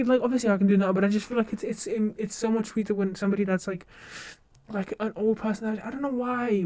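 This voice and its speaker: A woman's voice: medium pitch, dark tone, a little hiss or hum. A young woman streamer chatting casually, rambling and gushing with many fillers and restarts. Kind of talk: casual chat.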